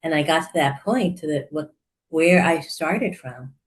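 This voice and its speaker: Low-voiced older woman telling stories. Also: measured pace. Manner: animated storytelling, laughs often. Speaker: therapist and coach, guest. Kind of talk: casual conversational interview.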